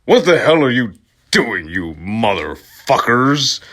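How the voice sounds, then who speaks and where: A man's voice: medium pitch, big pitch swings, slow pace, voice pushed up, exaggerated voice. A man putting on a furious old headmaster. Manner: shouting, outraged.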